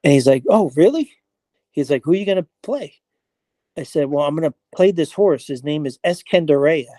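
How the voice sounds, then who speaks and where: A man being interviewed, telling an animated, casual story full of acted-out dialogue and slang. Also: fairly high pitch, a little fast, no echo. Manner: animated storyteller, acts out quoted dialogue, frequent "I was like". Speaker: interview guest, horse player.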